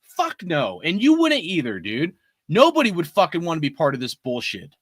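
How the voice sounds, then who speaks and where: A man's voice: fairly high pitch, wildly swooping pitch, normal speed, breathy edge, no room sound, clean studio sound. Fired-up man in his forties ranting. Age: 40s. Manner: profane, heated ranting. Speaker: sports fan commentator. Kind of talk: ranting fan commentary.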